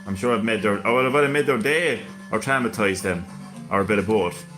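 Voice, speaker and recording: A man's voice: on the low side, a little fast, music in the background. Hesitant, stammering male stream host. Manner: hesitant, stammering, laughs often. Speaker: live-stream gaming host. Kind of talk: casual live-stream chat.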